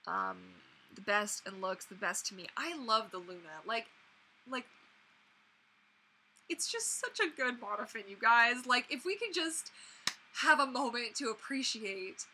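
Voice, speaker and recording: A young woman hosting a casual livestream, chatting to viewers in an animated way with many fillers and restarts. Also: on the high side, measured pace, rough recording. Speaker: mermaid performer and livestream host. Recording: faint background noise.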